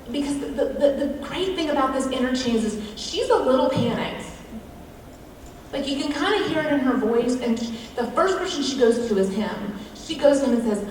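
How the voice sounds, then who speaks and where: A woman's voice: high-pitched, expressive, normal speed, a little mellow. Woman speaker at a church event, joking around, long reverb, faint room noise. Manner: chatty, self-mocking asides. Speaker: featured speaker at a women's event. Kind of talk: humorous devotional talk. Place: large hall. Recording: echoey hall from far off.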